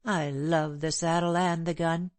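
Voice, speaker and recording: A woman's voice: sits low, flat delivery, unhurried, no room sound. A woman reading the part of a bold, scornful, free-spirited young woman in an audiobook, impetuous and proud. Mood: defiant.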